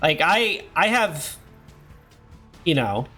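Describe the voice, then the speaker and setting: Hoarse rambling male streamer. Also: a little high, big pitch swings, slow, sharp tone, faint music behind. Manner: rambling, self-deprecating, many fillers. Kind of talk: casual gameplay chat.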